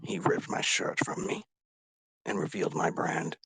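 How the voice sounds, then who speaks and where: A man voicing a grief-stricken dragonborn warrior, confessing in a raw, halting way with whispered breaks. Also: low-pitched, huge pitch swings, fairly bright tone, breathy edge, no room sound, exaggerated voice. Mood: grieving. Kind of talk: tabletop role-play character speech.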